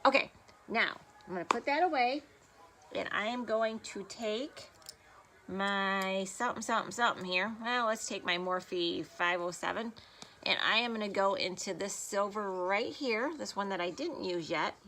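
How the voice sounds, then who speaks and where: A woman's voice: medium pitch, normal speed, pushed and bright, slight background noise. A woman beauty vlogger chatting casually through a makeup tutorial, rambling and self-deprecating, filmed on her phone at home. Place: home room, filming on a phone. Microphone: phone camera.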